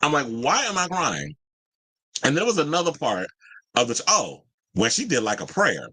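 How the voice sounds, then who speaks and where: A man in his forties hosting a casual pop-culture chat, sassy and animated, swinging his pitch up into exclaimed asides. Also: a little fast, husky, no echo. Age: 40s. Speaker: podcast host.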